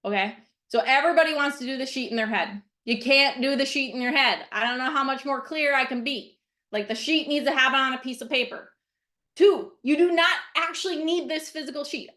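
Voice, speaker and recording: A woman's voice: high voice, fairly bright tone. Blunt middle-aged woman coaching on a video call. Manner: blunt, emphatic, repeats points with "okay?". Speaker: mindset coach. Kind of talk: casual teaching on a video call.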